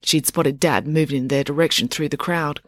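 A woman reading a children's story aloud in a lively, playful narration. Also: low-pitched, normal speed, no echo, clean studio sound. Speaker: audiobook narrator. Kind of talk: scripted narration.

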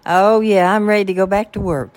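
An older woman, the host's mother, chatting casually in a soft voice with short, simple replies. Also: medium pitch, steady tone, a little fast. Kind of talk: casual chat.

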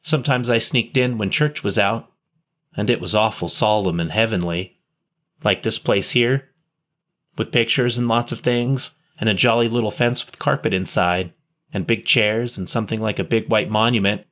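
A man reading a story, voicing a poor street boy who talks in rough slang with double negatives. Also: lowish voice, moderate pace, a bit bright, close to an everyday voice. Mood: wistful, eager. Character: ragged, shy street boy, near twelve.

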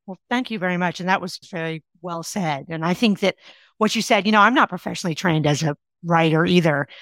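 A woman author is interviewed as a guest in a conversational exchange, speaking in an enthusiastic, emphatic, down-to-earth way. Her voice is on the low side, fairly quick and fairly bright, captured as clean studio sound with no room sound.

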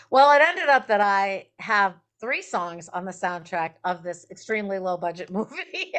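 A woman songwriter and performer, a guest on an interview show, telling stories in a chatty, animated way and laughing as she goes. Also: mid-range voice, normal speed, few pauses. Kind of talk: casual interview storytelling.

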